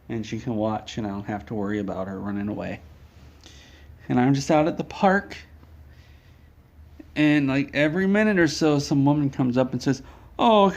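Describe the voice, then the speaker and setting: A man at a middle pitch who tells an absurd comic story in a flat, deadpan way. His voice sounds dull and a little muffled, as if the recording cut off the highs. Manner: deadpan with mock ad plugs. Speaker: comedic storyteller.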